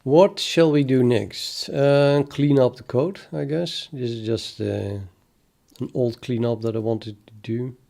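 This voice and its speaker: A man thinking aloud while he codes live, chatting with viewers in a halting, muttering way that trails off mid-sentence. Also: medium pitch, fairly even intonation, creaky, dark tone. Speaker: programmer streaming live development.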